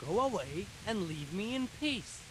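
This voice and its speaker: Voice a surly, hostile gravedigger, played by a man, in game dialogue with lively pitch swings and threats. The audio carries a steady hiss under every line. His manner stays blunt and unfriendly. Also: unhurried.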